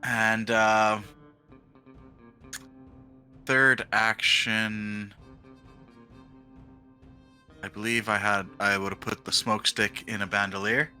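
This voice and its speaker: A man with a very bright, forceful voice and a fairly low pitch declares his moves in a tabletop game. He speaks haltingly, filling gaps with pauses. Faint music plays in the background. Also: level tone. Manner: halting, with many filler pauses. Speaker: player.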